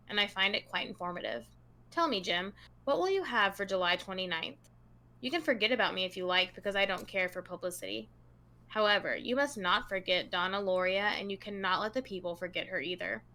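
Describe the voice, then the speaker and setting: This true crime podcast co-host is a woman whose mid-range voice sounds bright and forward. Her reading of lengthy passages stays easygoing and conversational.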